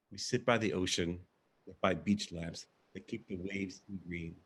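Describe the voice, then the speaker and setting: A man's voice: sits low, steady tone, moderate pace, husky. A man performing a first-person monologue as a live theatrical reading, telling his story expressively.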